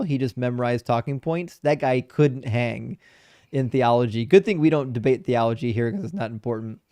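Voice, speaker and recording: A man hosting a debate livestream, reading out super chats in blunt, profane, animated casual talk. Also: medium pitch, dry recording, clean studio sound. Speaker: debate show host.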